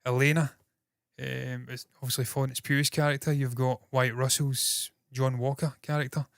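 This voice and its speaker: A Scottish man hosting entertainment news in casual solo commentary, talking fast with a slightly nasal voice, swearing freely and mocking himself. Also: mid-range voice, flat delivery, creaky, dry recording, studio quality. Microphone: processed with equalizers, compression and noise gate.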